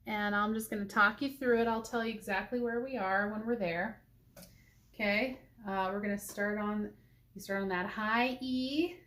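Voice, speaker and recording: A woman teaching a saxophone part, thinking aloud and counting rhythms out loud. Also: mid-range voice, steady tone, moderate pace, a little hiss or hum. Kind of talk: music lesson walkthrough.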